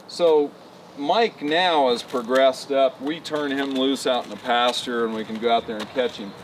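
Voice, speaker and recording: A man working as a horse trainer, explaining in a relaxed, folksy way with many fillers, outdoors at a ranch pen. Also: mid-range voice, moderate pace. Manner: folksy, relaxed, lots of "you know" fillers. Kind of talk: casual explanation on a walk-around. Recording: distant outdoor mic, faint background noise.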